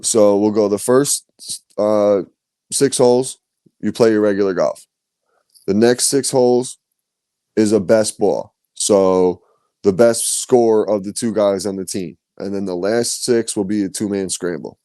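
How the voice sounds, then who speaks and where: A man's voice: lowish voice, measured pace, dark tone, dry recording, clean studio sound. A man hosting a podcast, telling stories in loose, profane casual chat. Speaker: podcast host.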